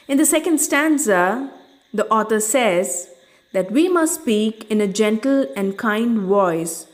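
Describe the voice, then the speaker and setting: A woman teacher reading a poem aloud to children and explaining it stanza by stanza in a measured classroom manner. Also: mid-range voice.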